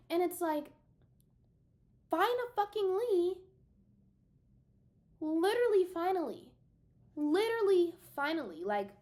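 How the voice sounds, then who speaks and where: A young adult woman venting casually to her viewers, emphatic and exasperated, talking straight to the camera. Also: sits high. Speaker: vlogger.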